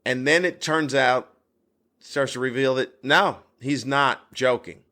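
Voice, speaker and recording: A man who hosts a podcast as a stand-up comedian, telling a story in a solo episode. He talks bluntly and crudely, and his voice jumps high as he relives the moment. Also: slow pace, bright, forceful tone.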